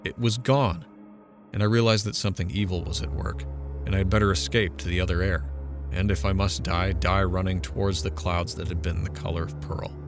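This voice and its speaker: A man's voice: deep voice, fairly even intonation, a little fast, over music. A man voicing a haunted, defiant young man. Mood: urgent. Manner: intense, urgent storytelling.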